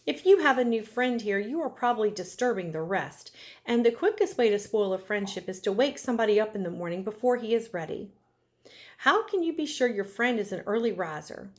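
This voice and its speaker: A woman's voice: medium pitch, expressive, fairly quick, lightly acted. A woman voicing a stern old sheep that scolds, in a storybook read aloud. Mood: scolding.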